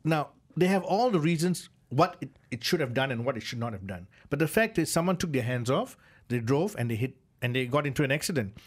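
A man's voice: mid-range voice, very animated, a little fast, hardly any pauses. A man on a radio car show, chatting in a loose, rambling way with lots of fillers as he shares opinions from the studio. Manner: chatty, rambling with many "you know" fillers. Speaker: regular car show co-presenter. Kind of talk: casual radio chat.

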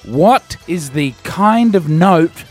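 Hammy Australian radio host, lively. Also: male voice, fairly high pitch, slow, soft background music. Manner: hammy game-show announcing, sing-song. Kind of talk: playful breakfast radio banter.

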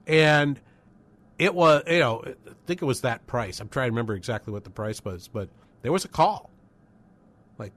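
A man in his sixties from northern New England hosts a call-in radio show. He talks in a loose, conversational ramble, stopping and restarting his sentences with plenty of ums and uhs. His voice sits at an ordinary middle pitch. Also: expressive, normal speed, a bit bright. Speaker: radio talk show host. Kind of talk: casual call-in radio talk.

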